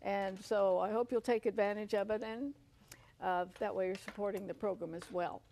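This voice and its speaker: A woman's voice: mid-range voice, steady tone, moderate pace, warm tone, a little hiss or hum. An older woman hosting a Christian television talk show, chatty and earnest, often repeating herself and using fillers. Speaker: host.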